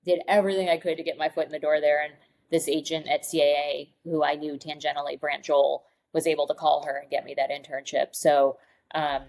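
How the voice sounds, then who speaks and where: A Michigan woman, a screenwriter appearing as a guest on a casual podcast interview, chats away and tells stories, acting out the voices she quotes. Her voice is deep and darkish, with flat delivery at a fairly quick pace, and the recording quality is low.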